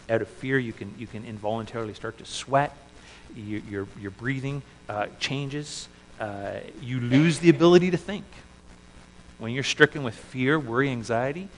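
A man preaching a sermon as a pastor, earnest, with frequent restarts, swinging between loud emphasis and hushed asides. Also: medium pitch, in a large hall, low-quality recording.

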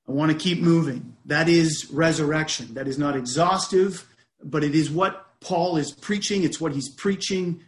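A man preaching a sermon in a measured, deliberate way, often restarting his phrases. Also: on the high side, reverberant.

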